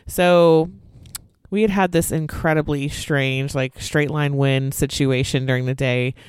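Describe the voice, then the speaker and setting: A woman in her thirties co-hosting a podcast, telling an animated story, acting out quotes and swearing freely. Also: low-pitched, unhurried, clear, resonant tone, no echo. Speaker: podcast co-host. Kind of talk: casual chat, storytelling.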